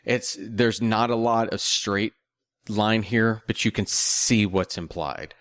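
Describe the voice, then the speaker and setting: Man, podcast co-host, fairly low voice, dry close recording, casual, skeptical questions. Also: takes it slowly, fairly bright tone, dry recording. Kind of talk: casual movie discussion.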